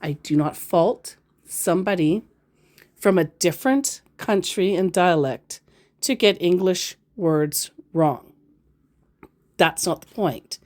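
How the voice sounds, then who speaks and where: A woman hosting a scambaiting video, giving dry, sarcastic commentary on a scammer's messages. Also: lowish voice. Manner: sarcastic, wry asides. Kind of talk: dry commentary on a scam chat.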